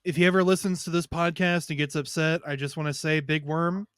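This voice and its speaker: A man rambles through a crude story on a podcast. His voice is smooth and clean, recorded dry and close. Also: on the high side, steady tone, fairly quick, no echo. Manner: rambling storyteller, loud shouted impressions. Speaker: podcast co-host. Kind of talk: casual crude chat.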